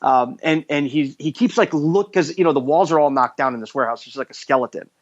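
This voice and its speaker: Lively man retelling a movie, dull sound. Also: a little high, a little fast. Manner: animated storyteller acting out quoted lines. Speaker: podcast host. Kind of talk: casual chat, retelling a movie plot. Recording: dull lo-fi podcast audio.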